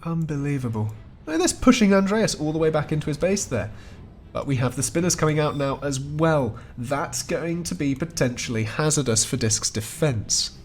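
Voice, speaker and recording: A man's voice: fairly high pitch, expressive, normal speed. Man casting a strategy game, faint music. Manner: chatty, wry, chuckles often. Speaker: esports caster. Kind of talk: play-by-play game commentary.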